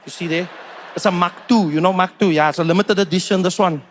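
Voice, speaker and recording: A man playing an excitable young South African fan in overalls who talks loudly and insistently, on a comedy club stage. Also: high-pitched, fast talker, close to an everyday voice. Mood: chatty. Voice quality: loud, insistent, chatty.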